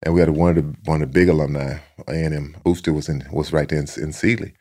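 A man, a guest telling stories in a relaxed way and repeating words as he goes. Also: rumbling low, quick pace. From Texas. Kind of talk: casual storytelling.

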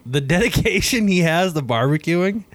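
A man's voice: a little high, animated, normal speed, no room sound. Laughing enthusiastic male podcast co-host. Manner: laughs often, enthusiastic, swears casually. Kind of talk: casual chat.

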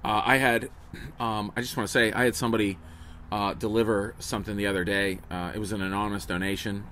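A middle-aged comedian rambles jokily to his viewers, full of asides and restarts. His voice is bright and forceful. It is a phone recording made outdoors, with faint traffic behind him. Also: fairly low pitch, flat delivery, quick pace. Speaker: comedian hosting a daily livestream. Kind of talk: casual chat to viewers. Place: outdoors at a table beside a house. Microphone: phone on camera.

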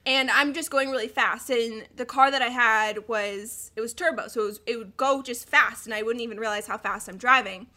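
A young woman in her twenties chatting casually, telling lively stories with laughs and quoted voices. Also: on the high side, normal speed, hardly any pauses. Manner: animated storytelling with laughter and acted quotes. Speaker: guest storyteller. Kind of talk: casual chat.

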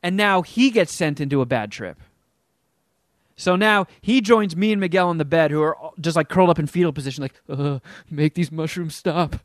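A middle-aged man tells a story in a casual podcast chat, his voice a little high for a man. He is animated and acts out the people he quotes, with big jumps in pitch. The sound is dry and close, with no room around it. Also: a little fast, dry recording. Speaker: guest telling a story.

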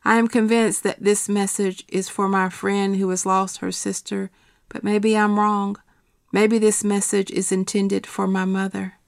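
A middle-aged woman reading her personal essay aloud in a quiet, measured, steady way. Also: medium pitch, vocal fry, no room sound, clean studio sound.

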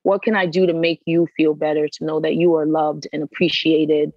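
A woman guest in a casual interview, telling stories in an animated, emphatic way and repeating words for effect. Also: low-pitched, moderate pace, dry recording, dull audio. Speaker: podcast guest.

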